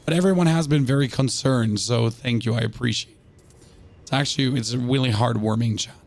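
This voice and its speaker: A man with a hoarse, sick voice doing live gameplay commentary as a streamer, rambling, joking and chatting to viewers with stammered restarts. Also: medium pitch, a little fast, darkish tone. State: hoarse from illness.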